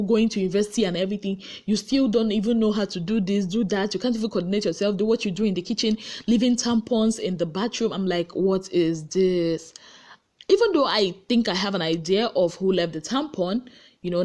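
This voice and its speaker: Woman, Nigerian accent, casual gossip recap, animated quotes, tired late at night. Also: fast talker. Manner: animated storyteller, acting out quotes with big pitch jumps. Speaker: gossip vlogger. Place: her room at home.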